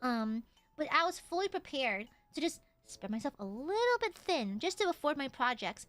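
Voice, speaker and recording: A young adult woman streaming casually to her chat, switching from soft heartfelt talk to loud swearing outbursts. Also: high-pitched, normal speed. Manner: excitable, swears, jumps from tender to shouting at chat.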